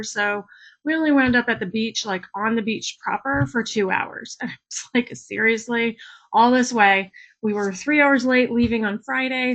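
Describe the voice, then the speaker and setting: A woman's voice: on the high side, a bit bright, lo-fi sound. A woman, chatting casually in her home art studio, rambling with fillers and laughs. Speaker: craft vlogger. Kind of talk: casual chat.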